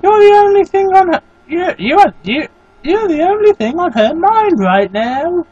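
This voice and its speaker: A man putting on a gentle young woman with an attempted posh voice, fluttery and overly polite. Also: very high-pitched, sing-song, moderate pace, no room sound, lo-fi sound, voice pushed up. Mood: fretful.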